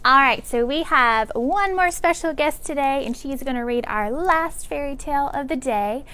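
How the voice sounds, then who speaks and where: A woman's voice: high-pitched, normal speed, sharp tone. Upbeat woman leading kids' storytime. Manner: upbeat, encouraging, talks straight to children. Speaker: library storytime host. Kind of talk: leading children's movement activity.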